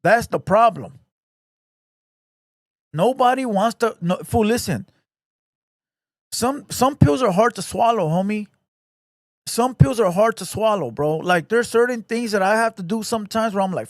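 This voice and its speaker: A man's voice: high voice, expressive, a little slow, pauses often, no echo, clean studio sound. A man hosting his own channel, delivering a profane, confrontational rant and ending his lines with 'bro'. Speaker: channel host. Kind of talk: ranting commentary.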